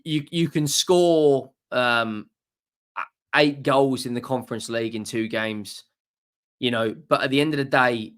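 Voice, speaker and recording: Young man, football reaction, excited, repeats himself, mid-pitched voice. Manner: enthusiastic, repeats words, restarts often. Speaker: football channel host. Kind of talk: casual match reaction.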